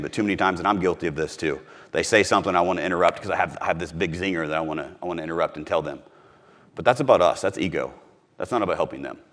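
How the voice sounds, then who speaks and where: A man from Missouri giving a live sales training talk to a room, emphatic and repeating his key points. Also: fairly low pitch.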